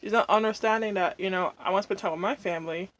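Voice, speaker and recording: Fast and steady in tone, a medium-pitched woman vlogs a mukbang, chatting casually as she eats. She rambles and vents using lots of fillers, humming with pleasure between bites.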